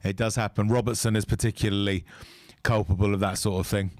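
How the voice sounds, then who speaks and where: A man co-hosting a football fan watch-along, talking in an animated, opinionated and jokey way. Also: lowish voice, fast talker, no room sound. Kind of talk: casual chat.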